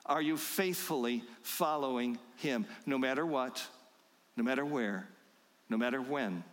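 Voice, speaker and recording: A man preaching a sermon, slow and emphatic, asking his listeners rhetorical questions. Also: medium pitch, long reverb tail. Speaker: pastor.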